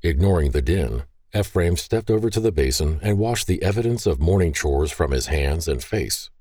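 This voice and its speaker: Male audiobook narrator, very low, mellow tone, animated delivery. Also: normal speed, no room sound. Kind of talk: scripted narration.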